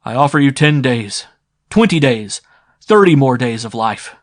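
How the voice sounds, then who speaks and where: A man's voice: mid-range voice, moderate pace, a bit bright, no echo, studio quality, close to an everyday voice. A man voicing an earnest, determined young man in an audiobook. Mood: pleading.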